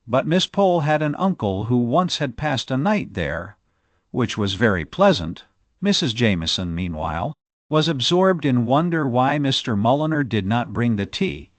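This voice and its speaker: Male audiobook narrator, classic novel, lively pitch, dry close sound. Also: no echo.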